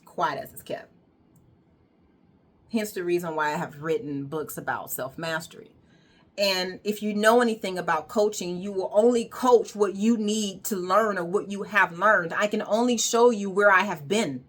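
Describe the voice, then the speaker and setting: A woman's voice: mid-range voice, normal speed, fairly bright tone. A woman wellness coach giving an emphatic, repetitive motivational monologue with casual swearing.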